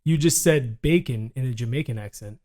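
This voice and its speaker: A man's voice: medium pitch, a little fast, mellow. A man co-hosting a casual fantasy football podcast, joking and teasing his co-host. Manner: joking, teasing, laughs often. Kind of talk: casual sports podcast banter.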